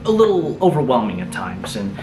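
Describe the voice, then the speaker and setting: A man's voice: medium pitch, very animated, brisk, background noise. A man hosting a podcast, talking casually to camera in a chatty, rambling way. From Rochester, New York. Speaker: podcast host. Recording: echoey room with loud music. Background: loud guitar music.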